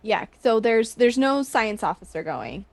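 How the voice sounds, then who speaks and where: Player, woman, dry close sound, measured explaining. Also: on the high side, very animated, vocal fry, no room sound. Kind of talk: tabletop game chat.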